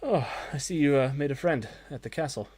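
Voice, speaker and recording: A man voicing a grave, formal adult male ally in a tabletop game, speaking in a measured way. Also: fairly high pitch, a little mellow, a little hiss or hum, pitched above the performer's own voice, lightly acted.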